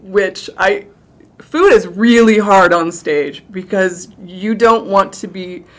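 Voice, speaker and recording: A woman's voice: medium pitch, takes it slowly. A middle-aged woman, a theatre director, chatting animatedly in an interview and laughing easily. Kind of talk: casual interview chat.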